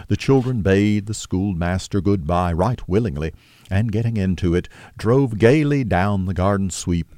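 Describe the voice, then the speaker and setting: A narrator with a deep, mellow male voice reads a classic novel for an audiobook in a steady, measured storytelling style. The recording is dry, with clean studio sound.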